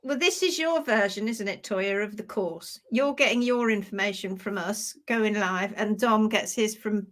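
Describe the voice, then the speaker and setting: A woman hosting a casual live stream, chatty and quick to laugh as she greets viewers by name. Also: medium pitch.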